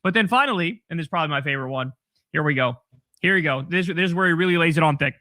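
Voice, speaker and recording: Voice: mid-range voice, rapid-fire, sharp tone, no room sound, clean studio sound. A commentator mocking someone's views and putting on voices to quote people.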